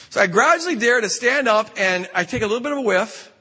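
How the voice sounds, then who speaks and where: A man's voice: extremely high pitch, expressive, fast, bright, forceful tone, husky. A man speaking at a retreat, telling a funny story with lots of stammered restarts. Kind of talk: humorous storytelling talk. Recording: long hall reverb.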